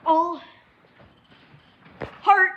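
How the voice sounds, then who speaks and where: Very high-voiced rambling vlogger girl. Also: steady tone, extremely slow, noisy background. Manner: rambling, keeps saying "anyways". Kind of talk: casual home vlog. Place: at a table indoors.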